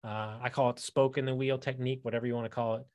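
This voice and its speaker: A man's voice: mid-range voice, flat delivery, racing, darkish tone. A man hosting a podcast, chatting casually and retelling a personal story with lots of restarts and asides. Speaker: podcast host. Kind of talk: casual interview chat.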